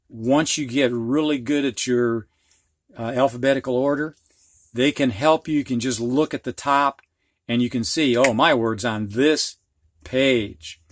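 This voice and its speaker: Slow, patient male reading teacher. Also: medium pitch, no room sound, studio quality. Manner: patient, spells out letters step by step. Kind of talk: instructional video lesson.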